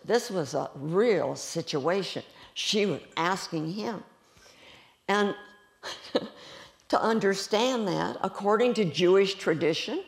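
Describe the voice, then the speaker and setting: A woman preaching a sermon, telling stories in an animated way and laughing often as she goes. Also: fairly low pitch, measured pace, gravelly. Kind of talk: sermon storytelling.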